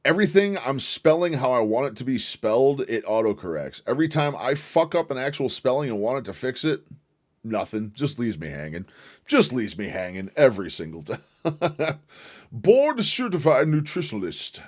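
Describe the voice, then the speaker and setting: A man's voice: mid-range voice, very animated, normal speed. A man with a slight Southern drawl hosting a livestream, reacting to a played video and chatting with viewers in a loose, joking way, swearing and chuckling. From northern United States. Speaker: livestream host. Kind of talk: casual livestream commentary.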